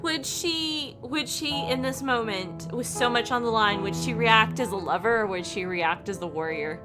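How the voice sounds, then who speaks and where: A woman streamer reacting to a video game in an animated, emotional way with loud outbursts. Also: fairly high pitch, normal speed, over music.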